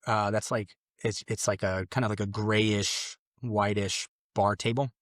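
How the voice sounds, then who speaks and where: A man's voice: lowish voice, flat delivery, a little slow, no room sound, clean studio sound. A young man, a podcast guest, telling a personal story in a casual, rambling way, acting out what others said. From Mexican family. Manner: casual, rambling with fillers and acted-out quotes.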